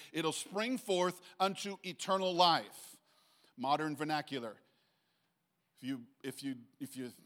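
A man preaching a sermon in a conversational way, reading scripture slowly and checking in with his listeners. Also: mid-range voice. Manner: bursts into loud acted shouts when quoting. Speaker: pastor. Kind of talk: sermon teaching.

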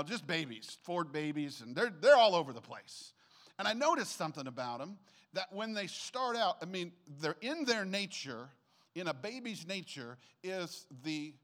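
An older man preaching a sermon to a church congregation in a conversational, animated way, often checking in with his listeners. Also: mid-range voice. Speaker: pastor.

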